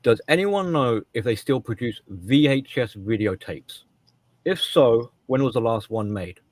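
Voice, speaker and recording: A man's voice: medium pitch, lively intonation, unhurried, dry recording. A man co-hosting a casual podcast discussion, talking emphatically and often restarting and repeating his words. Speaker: co-host.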